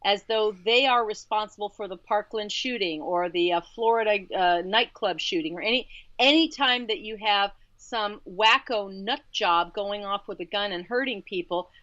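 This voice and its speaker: A woman's voice: medium pitch, normal speed, fairly bright tone, dry recording, highs cut off. A woman co-hosting a talk radio show, making emphatic points and often repeating words as she builds them. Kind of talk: casual talk radio commentary.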